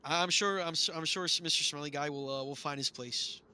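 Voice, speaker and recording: Slangy young man, very bright voice. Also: on the high side, steady tone, brisk, clear, resonant tone. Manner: laid-back slang, swears freely. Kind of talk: casual chat while gaming.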